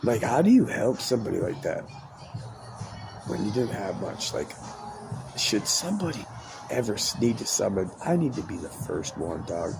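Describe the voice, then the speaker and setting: This podcast host has a gravelly, lowish voice and sounds very animated while keeping a moderate pace. Music plays behind his profane, rambling tale, and he repeatedly stops and restarts his sentences amid the noisy background of a casual chat.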